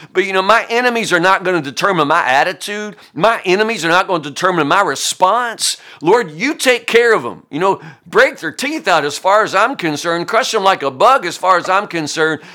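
A man's voice: on the high side, bright, forceful tone. A man giving a casual devotional Bible teaching, folksy and emphatic, with frequent fillers.

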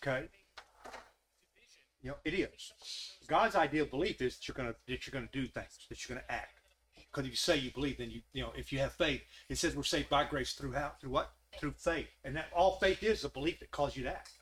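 A man's voice: medium pitch, a little fast, a bit bright. A man leading a Bible study in a folksy way, asking the group questions. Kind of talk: conversational Bible study teaching.

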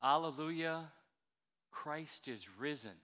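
Older man, pastor, conversational sermon, higher voice, bright tone, long church reverb. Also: slow. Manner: chatty, animated, coaxing the congregation to respond. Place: church sanctuary.

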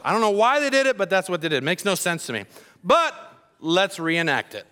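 With a smooth, high-pitched voice and a slightly fast pace, a man preaches as a pastor. He jokes and animates the story while speaking directly to the congregation.

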